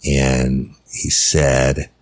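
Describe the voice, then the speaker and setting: A man's voice: rumbling low, monotone, very slow, no echo. A middle-aged man, a former detective hosting a podcast and telling a true crime story in a blunt, profane way.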